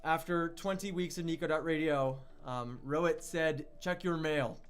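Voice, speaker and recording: A young man hosting an online radio livestream, chatty and excitable, reading viewer chat and hyping an upcoming release. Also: fairly high pitch, moderate pace, smooth, faint music behind. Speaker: online radio show host.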